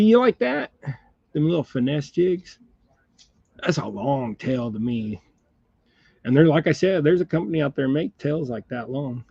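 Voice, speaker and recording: A man with a gravelly voice chats casually while tying jigs at his bench indoors, rambling along and laughing often. The recording is dull and lo-fi and completely dry, with no room echo. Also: mid-range voice, dark tone. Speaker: fly and jig tier, channel host. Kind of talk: casual tying demonstration chat.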